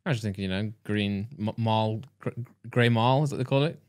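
A man's voice: fairly low pitch, a little fast, darkish tone. Sheepish young man in casual chat. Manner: sheepish, agreeable, laughs a lot. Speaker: podcast co-host.

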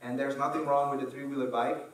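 A man's voice: medium pitch, fast talker, slight background noise. Man telling a story in an echoey hall. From Netherlands. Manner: animated, acts out scenes, fillers and restarts. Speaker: speaker. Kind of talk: personal storytelling speech. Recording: echoey hall from far off, faint ambience.

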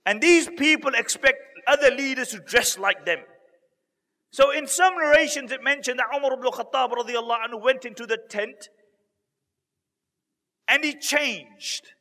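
High-voiced man preaching with hall reverb. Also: sharp tone. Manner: earnest, dramatic retelling with emotional pauses. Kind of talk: storytelling sermon.

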